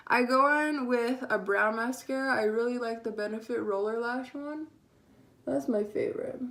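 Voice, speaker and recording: A young woman chatting casually as she does her makeup, sassy and sarcastic, swearing freely. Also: fairly high pitch. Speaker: beauty vlogger. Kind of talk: casual get-ready-with-me chat.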